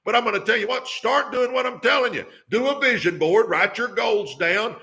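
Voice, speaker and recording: On a motivational live stream, an older male host speaks at a normal speed in a high, gravelly voice that's bright and forceful. Fired up and preachy, he keeps repeating catchphrases and pushing his audience on.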